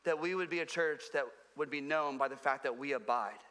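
Bright-voiced pastor preaching in a reverberant hall. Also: male voice, brisk. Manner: earnest, repeats phrases for emphasis, drops low and quiet on key points. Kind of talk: sermon. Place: church sanctuary.

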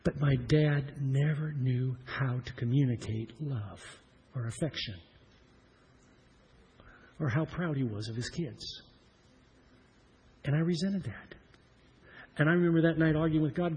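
A pastor from Iowa preaching a personal story in an earnest, repetitive style that grows louder at its points. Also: male voice, mid-range voice, a little slow, long pauses, husky. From Iowa, USA.

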